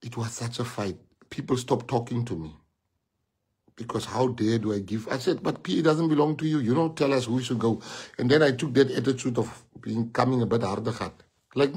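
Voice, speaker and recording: A man's voice: mid-range voice, expressive, moderate pace, a little mellow, slightly rough. A South African man giving an emphatic, repetitive speech to party members, retelling past events with quoted dialogue. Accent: South African English. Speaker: party leader addressing members. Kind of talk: rally speech.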